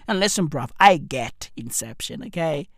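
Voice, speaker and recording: Ranting, cursing woman, lively pitch. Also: normal speed, creaky, dry recording, studio quality. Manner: swearing, riled-up, repeats rhetorical questions; swings between shouting and hushed whispers. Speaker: comedic ranter. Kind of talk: profane comedic rant.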